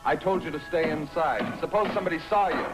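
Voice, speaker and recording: An actor playing a dry, quick-witted army sergeant in a 1950s film comedy who gives the orders. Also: male voice, fairly high pitch, loud music behind the voice, natural voice, rough recording. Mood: wry. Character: wry, take-charge male army sergeant.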